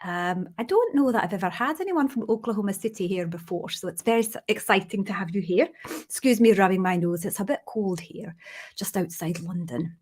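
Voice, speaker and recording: A woman's voice: medium pitch, a little fast, darkish tone, husky, lightly acted. A woman putting on a Scottish accent to greet viewers one by one as a cheery host. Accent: put-on Scottish. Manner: playful greetings, jokey.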